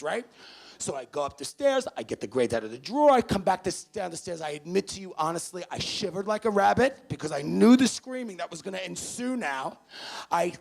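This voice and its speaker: A man giving an animated storytelling talk to parents at a university event, swinging between loud bursts and hushed moments. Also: high voice, fairly quick, gravelly. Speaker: speaker addressing parents. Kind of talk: storytelling motivational speech.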